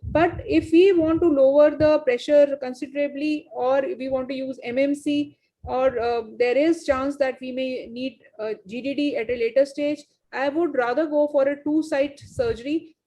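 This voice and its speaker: A woman with a high, light voice talks through her surgery footage step by step for an online conference. She explains carefully and often pauses on small fillers as she goes. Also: steady tone, dark tone. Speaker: surgeon presenting a surgical video.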